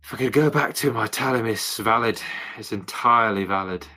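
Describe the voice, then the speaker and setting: A man's voice: on the low side, fairly quick, bright, forceful tone. A man coaching in a casual group conversation, talking in an encouraging, brotherly way and swearing casually.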